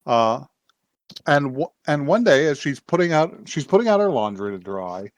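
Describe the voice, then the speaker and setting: A man's voice: medium pitch, sing-song, normal speed, no echo. A man hosting a podcast, recapping a show in casual chat and rambling through many fillers and restarts. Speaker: podcast host.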